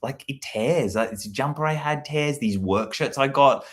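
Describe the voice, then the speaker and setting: A man chatting casually and rambling, with lots of fillers, hosting a live stream. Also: normal speed. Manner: meandering, animated, lots of fillers, jumps to shrill put-on quotes. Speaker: livestream host.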